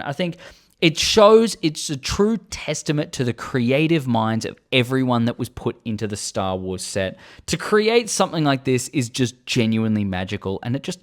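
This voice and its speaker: A man hosting a video who reads book passages aloud and mixes in earnest, enthusiastic comments. His voice is mid-pitched, and his delivery moves through a lively, expressive range. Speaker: host.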